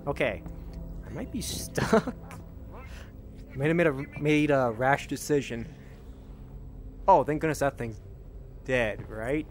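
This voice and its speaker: A man's voice: mid-range voice, expressive, slow pace, pauses often, faint music behind. A man casually commenting on his own gameplay in a chatty, self-mocking way. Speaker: game streamer.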